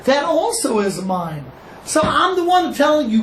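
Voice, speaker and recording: Animated rabbi teaching in an echoey room. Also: male voice, very high voice, a little slow. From Cleveland, Ohio. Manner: animated, acts out dialogue, asks the audience questions. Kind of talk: Torah class to a live group. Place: echoey room with a small audience. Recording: echoey room with faint noise.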